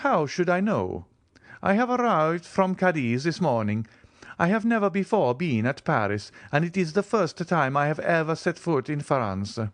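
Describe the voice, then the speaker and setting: A man voicing a wealthy, self-assured nobleman who speaks crisply and offhandedly. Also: fairly high pitch, sing-song, moderate pace, dry recording, voice pushed up. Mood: cool, assured. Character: rich, cool, commanding nobleman, adult man.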